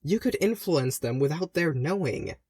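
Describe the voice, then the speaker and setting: A man's voice: fairly high pitch, lively intonation, normal speed, darkish tone, slightly rough, dry recording, studio quality, pitched above the performer's own voice. A man voicing the ghost of a young dwarf prince, earnest and serious, in an audiobook reading. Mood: urgent.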